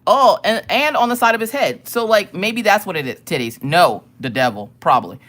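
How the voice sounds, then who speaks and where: A woman chats casually on her livestream, telling animated, profane stories and laughing often. Her voice is medium-pitched and her pace moderate.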